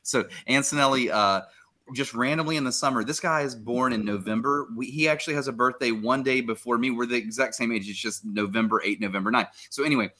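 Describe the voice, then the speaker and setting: A young adult man hosting a podcast, telling a story in a casual, animated way and acting out the quotes. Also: medium pitch, fast talker. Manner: animated, acts out quotes, laughs while telling. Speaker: podcast host.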